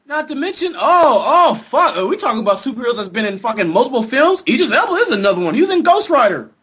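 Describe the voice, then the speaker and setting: A man co-hosting a movie review podcast, talking in a loud, profane, laughing rant. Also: very high voice, sing-song, fast, breathy edge. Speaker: podcast co-host. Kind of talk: casual movie review chat.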